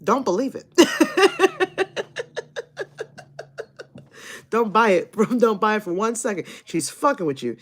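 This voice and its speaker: A woman's voice: mid-range voice, takes it slowly, long pauses. A woman live streaming who chats casually with her audience, swears freely and laughs often. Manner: laughs often, profane and animated.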